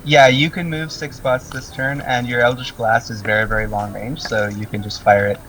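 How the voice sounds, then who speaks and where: A man running a tabletop game as game master, relaxed and chatty. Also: mid-range voice, normal speed, recorded from a distance, soft background music, rough recording.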